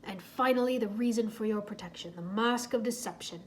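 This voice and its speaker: A woman's voice: medium pitch, a little fast, slight background noise, natural voice. A woman reading as a solemn palace guide.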